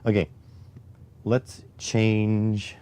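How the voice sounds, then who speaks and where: A fairly low, mellow voice drags its words out in a completely flat delivery over slight background noise. The man is live-streaming casually as he codes, his voice fading, muttering to himself in between chat answers. He's wearing a clip-on mic near the chest.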